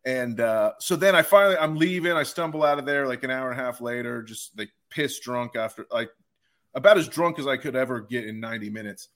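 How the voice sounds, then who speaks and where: Young guy on a sports podcast, bright voice, tells stories all animated, does other people's voices. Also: medium pitch, brisk. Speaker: podcast co-host. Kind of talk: casual sports podcast chat.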